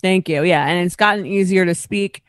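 A woman's voice: lowish voice, moderate pace, no echo. A woman co-hosting a podcast in casual chat, talking with a slight lisp from new braces. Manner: chatty, frequent fillers. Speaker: podcast co-host. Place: her apartment, recorded over a video call.

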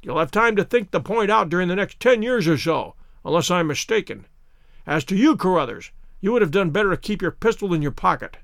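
A man voices a cold, masterful detective who gives clipped, authoritative orders. The voice sits fairly high for a man and is recorded dry and close. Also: animated, fairly quick, gravelly, fairly bright tone, no echo, heavily acted. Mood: cool. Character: cold, commanding male detective. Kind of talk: audiobook character reading.

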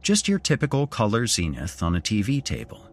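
Husky lower-voiced guy reading a creepy story, very animated delivery. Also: fairly quick. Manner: expressive first-person storytelling. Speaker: podcast host and narrator. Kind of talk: scripted horror story narration.

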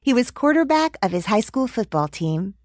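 A woman's voice: on the high side, sing-song, moderate pace, dry recording, clean studio sound. A woman hosting an interview podcast, reading a guest introduction and then chatting in an upbeat, teasing way. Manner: upbeat, teasing, laughs often. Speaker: podcast host.

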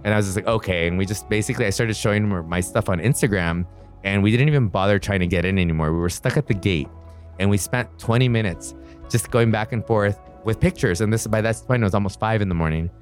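A man earnestly recounting a personal story in an interview, reflective and quick-flowing. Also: lowish voice, faint music behind.

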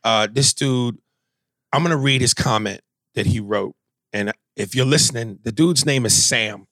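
A man co-hosting a comedy podcast in casual chat, animated and profane, often stammering as he restarts. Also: medium pitch, moderate pace, no echo. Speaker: podcast co-host.

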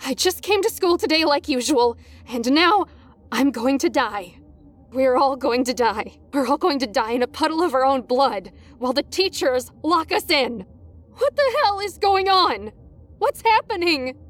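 Woman doing a shrill, hysterical teenage girl. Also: animated, unhurried. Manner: shrill, sobbing, frantic.

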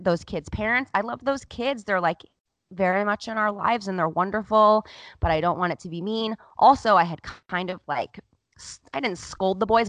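A woman's voice: medium pitch, a bit bright, dry recording. A woman in her thirties hosting a podcast, telling a personal story in a candid, emotional way with lots of "like". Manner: candid, emotional, heavy use of "like". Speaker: podcast host. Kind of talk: casual storytelling chat.

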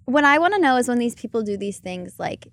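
A woman's voice: on the high side, lively intonation, fast talker, a bit bright, no room sound, studio quality. A woman co-hosting a casual entertainment news chat, chatty and joking as she runs through stories. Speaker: co-host.

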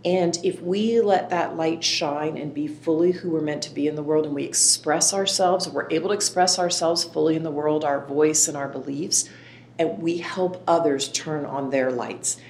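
Low-voiced woman, earnest and reflective, roomy sound with faint rumble. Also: moderate pace, darkish tone. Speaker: guest. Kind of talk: interview answers.

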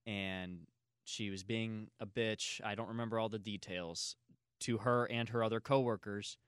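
Bright-voiced man rambling on a podcast. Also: fairly low pitch, fairly even intonation, measured pace, clear, resonant tone, no echo, studio quality. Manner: rambling storytelling, filler words, bursts of loud laughter. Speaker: podcast host. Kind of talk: casual podcast chat.

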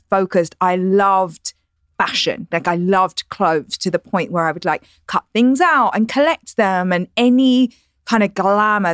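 A woman in her forties from East London with a softened East London accent, a guest chatting candidly in a podcast interview, laughing easily and filling her talk with "like" and "you know.". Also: on the low side, no room sound, clean studio sound. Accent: East London English, softened. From East London, England. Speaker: guest entrepreneur. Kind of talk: casual interview chat. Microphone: studio podcast mic.

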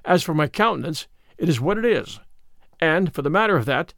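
A man's voice: on the high side, sing-song, a little fast, vocal fry, a bit bright, no room sound, clean studio sound, exaggerated voice. A man voicing a fearless, hot-tempered craftsman who answers threats with scorn. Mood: defiant. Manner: defiant, scornful, old-fashioned speech.

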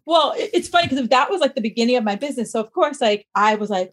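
Fast and animated, with a fairly high pitch, this East Coast woman in her thirties is a trainer guesting on a podcast. In a casual interview she tells a personal story with energy, acting out what people said.

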